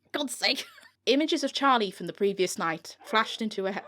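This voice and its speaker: A British woman narrates her own novel as an audiobook on a home recording mic, often dissolving into giggles and swearing at her slips. Her medium-pitched, fairly bright voice sounds animated at a moderate pace.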